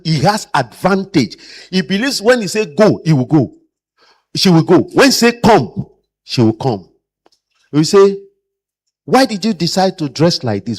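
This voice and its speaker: A man's voice: fairly high pitch, husky. A man lecturing caregivers as a trainer and acting out the people he quotes. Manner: animated, acts out quoted people.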